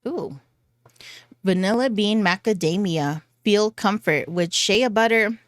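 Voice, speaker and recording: A woman's voice: mid-range voice, slow pace, dry recording, studio quality. A woman vlogger chatting casually through a fragrance haul, giggly and chatty with goofy asides. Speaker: beauty vlogger.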